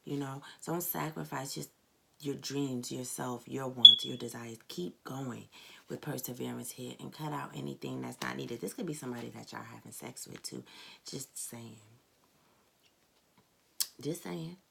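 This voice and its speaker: Woman, low and very gravelly voice, blunt casual tarot reader, noisy recording. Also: steady tone, normal speed, sharp tone. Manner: candid and blunt, swears, addresses viewers as "baby" and "cat".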